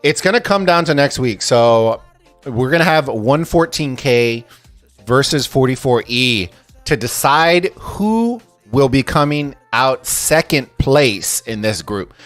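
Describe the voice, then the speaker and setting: A man casting a strategy game tournament on a live stream, excitable and chatty, swearing freely as he reads viewer messages. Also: mid-range voice, measured pace, no room sound, soft background music. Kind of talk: casual live-stream commentary and chat reading.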